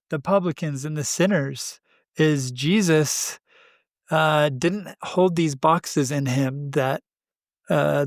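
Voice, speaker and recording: Man, podcast co-host, reflective spiritual talk, slightly high voice, dry close sound. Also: no room sound. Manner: thoughtful, unhurried, frequent "uh" pauses.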